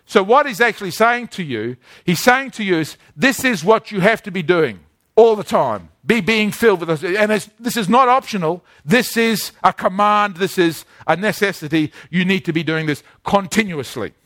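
A man's voice: sits high, lively intonation, moderate pace, fairly bright tone, dry recording, clean studio sound. A man preaching a sermon in a conversational way, asking his congregation questions as he explains scripture. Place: church in the Philippines.

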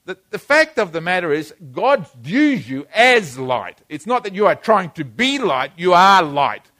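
A male preacher delivering a sermon in church, with a somewhat high voice. He speaks emphatically, repeating key phrases and calling on the congregation to say lines with him. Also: big pitch swings, a little slow, sharp tone. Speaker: pastor.

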